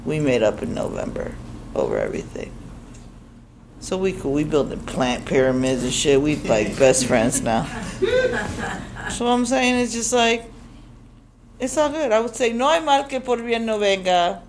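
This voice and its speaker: A young woman from Chicago telling a personal story on stage, animated and profane, acting out the voices she quotes. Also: sits low, normal speed, long pauses, noisy background. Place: stage before a live audience.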